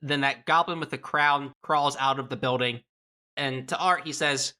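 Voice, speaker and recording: A man narrates a comedic tabletop game as dungeon master with a bright, clear voice. He describes the action playfully and lightly. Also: mid-range voice, fairly even intonation, normal speed.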